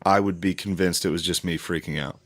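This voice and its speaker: A man co-hosting a podcast, chiming in with quick jokes and questions in casual chat. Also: low-pitched, steady tone, a bit bright. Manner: wisecracking, reacting with quick jokes. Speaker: podcast co-host.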